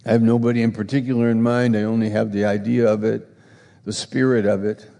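A man preaches in a slow, measured rhythm, circling back on the same phrases and pressing his listeners with pointed questions. His voice has a gravelly edge, and a long reverb trails each line. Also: on the low side, warm tone. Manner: repetitive, emphatic preaching that swells into rhetorical challenges. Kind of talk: sermon.

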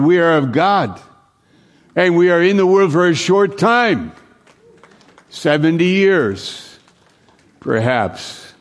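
A man preaching a sermon slowly and earnestly, repeating phrases for emphasis and often dropping to a hushed, low voice. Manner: slow, earnest preaching with long pauses, sinking to a hushed low voice.

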